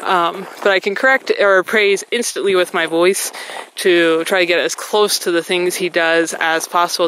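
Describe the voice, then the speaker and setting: A woman with a lowish, steady, slightly bright voice speaks at a moderate pace in a rough recording carrying some hiss or hum. She's a bit breathless, vlogging casually as she walks her dog on a snowy trail, chatty and constantly praising the dog.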